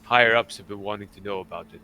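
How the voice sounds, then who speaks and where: Male GM doing retired pirate warden NPC, gruff, measured, low. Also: crowd noise, lightly acted, low-quality recording. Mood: cagey.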